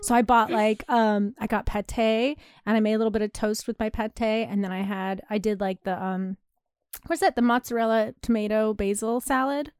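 A woman in her thirties co-hosting a podcast, telling stories in a chatty, animated way. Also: mid-range voice, normal speed, clean tone, no echo. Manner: chatty, animated storytelling with laughs. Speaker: podcast co-host. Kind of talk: casual chat.

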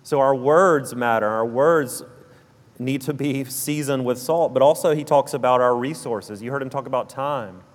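A man's voice: mid-range voice, moderate pace. A man with a South Alabama accent preaching a sermon, earnest and repeating key phrases for emphasis. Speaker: pastor. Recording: long reverb of a church hall.

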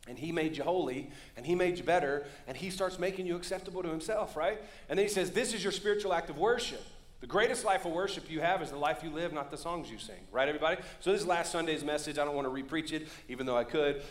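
A man preaches to his congregation with a slightly high voice, mixing jokes with calls for the crowd to answer him. The sound carries the echo of a large church room. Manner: joking, calls for audience response. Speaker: pastor. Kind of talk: sermon. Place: church sanctuary.

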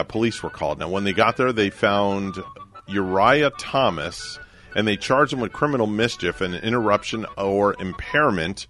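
A man's voice: on the low side, fairly bright tone. A man hosting a casual morning radio show, telling odd news stories with jokes and teasing his co-hosts. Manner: joking storyteller, teasing co-hosts. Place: radio studio.

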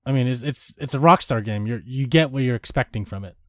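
Man, casual game talk, teasing, agreeable, medium pitch. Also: quick pace, fairly bright tone, no room sound, studio quality. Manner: laughs easily, teasing, agreeable. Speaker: video game podcast co-host. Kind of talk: casual chat.

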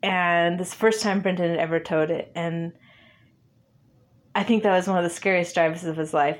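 A woman's voice: mid-range voice, moderate pace. A woman guest in an interview, telling a story casually, laughing often and acting out bits of dialogue.

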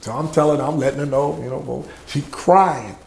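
A middle-aged man, a music producer telling lively anecdotes in an interview and acting out the people he quotes. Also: medium pitch, brisk, creaky, roomy sound, a little hiss or hum. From Louisiana. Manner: lively anecdotes, acts out quoted voices, laughs often. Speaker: music producer and label head, interview guest. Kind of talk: animated storytelling in a podcast interview.

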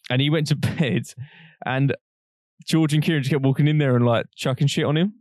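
A man's voice: mid-range voice, steady tone, fairly quick, darkish tone, no echo, clean studio sound. Young Englishman telling rambling stories. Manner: rambling anecdote-telling, laughing often, swearing. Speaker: podcast co-host. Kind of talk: casual chat.

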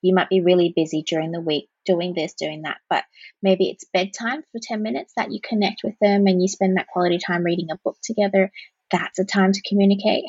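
Husky-voiced woman counsellor, lo-fi. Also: lowish voice, fairly quick, a little mellow, no echo. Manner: explains with demonstrated soothing phrases. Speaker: parenting counsellor guest. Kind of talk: conversational podcast interview.

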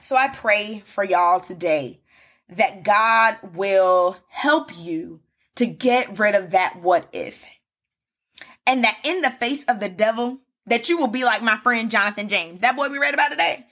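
A woman's voice: medium pitch, expressive, unhurried, fairly bright tone. A woman hosting a solo devotional podcast, preaching fervently in a repetitive cadence and calling listeners "baby" and "y'all". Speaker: podcast host.

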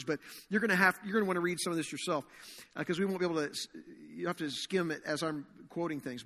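Man preaching, sharp bright tone, earnest, drawn-out emphasis, echoing church hall. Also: high voice. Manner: earnest, slows and stresses key phrases. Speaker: pastor. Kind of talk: sermon. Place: church sanctuary. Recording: long reverb of a large hall.

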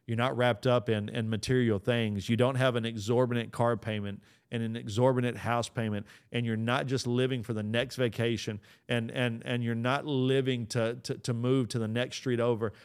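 A man hosting a podcast who tells a personal story in an earnest way, often repeating and restarting his phrases. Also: mid-range voice. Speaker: podcast host.

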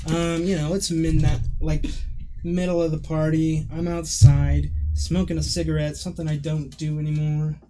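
Laughing, animated young-sounding man telling a story. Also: a little high, moderate pace, a little hiss or hum. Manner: laughing, animated retelling with acted-out quotes. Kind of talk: casual storytelling.

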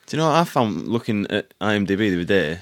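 A man's voice: on the low side, sing-song, fast, no echo. A man playing as a quiz contestant in casual podcast chat, jokey and rambling.

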